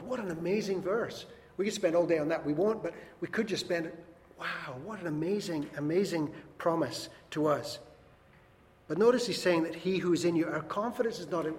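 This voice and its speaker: A man preaching a sermon in a church hall, earnest and emphatic, rising loud and dropping soft. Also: a little high, normal speed. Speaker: pastor. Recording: long reverb, faint background noise.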